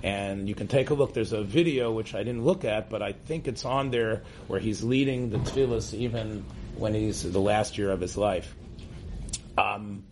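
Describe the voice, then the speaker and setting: A man's voice: lowish voice, normal speed, darkish tone, slight background noise. A man from the United States, a rabbi teaching a class to a room of listeners, speaking in a loose conversational way and often checking in with "right?". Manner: conversational, tags points with "right?", restarts often. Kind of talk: informal religious lecture. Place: classroom with an audience.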